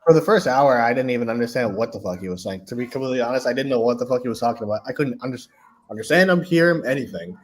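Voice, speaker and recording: A man's voice: mid-range voice, lively intonation, very fast. A man in casual sports talk, agreeable and profane, laughing along with his co-host.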